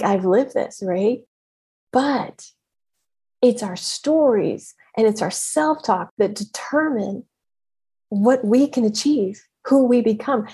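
A woman coach giving a motivational talk in an emphatic, animated way, laughing often. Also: a little high, breathy edge.

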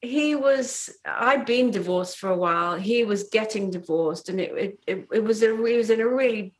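A middle-aged Trinidadian woman, guesting on a podcast, tells a personal story with lots of energy, laughing often and acting out what people said. Her voice is mid-range and her pace is normal, in the style of casual conversational storytelling.

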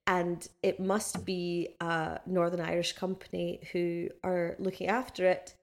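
A pregnant woman co-hosting a casual podcast, telling animated stories and laughing often. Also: on the low side, a little slow. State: six months pregnant. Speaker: co-host.

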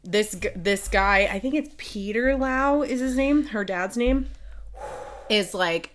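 A woman's voice: mid-range voice, slow. A woman in her late twenties co-hosting a podcast, casually retelling a novel's plot and acting out the characters' lines. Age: late 20s. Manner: animated storyteller, acts out characters' lines. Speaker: podcast co-host. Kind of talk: casual book chat, summarizing a plot.

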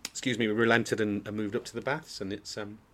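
A man's voice: on the low side, steady tone, fast, slight background noise. A man, a pantomime dame actor, chatting as a podcast guest, telling jokey anecdotes with frequent restarts and bursts of laughter. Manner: storytelling, jokey, many restarts, breaks into laughter. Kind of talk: casual chat, anecdotes. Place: indoor podcast recording.

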